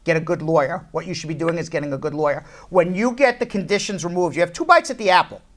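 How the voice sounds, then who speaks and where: A woman's voice: lowish voice, lively intonation, fast talker. A woman hosting a live immigration law show, joking and repeating her phrases for emphasis, then giving firm legal advice. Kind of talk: live call-in show banter.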